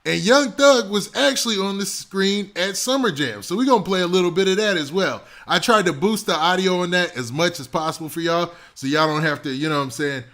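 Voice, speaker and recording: A man hosting a live online show, calling out viewers' cities one after another in loose, slangy chat. His voice is bright and forceful, pitched a little higher than most men's. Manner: hypes up viewers with rapid city shout-outs and slang. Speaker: hip-hop news livestream host. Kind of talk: casual livestream chat.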